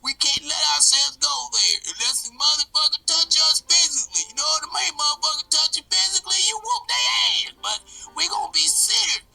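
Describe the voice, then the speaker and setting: Man doing a shouting, cussing redneck Bill. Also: very high voice, brisk, creaky, faint music behind, heavily acted, low-quality recording. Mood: ranting. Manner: shouty, cusses constantly, rambling. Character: loud foul-mouthed country redneck man, brash. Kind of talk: comedy sketch character voice.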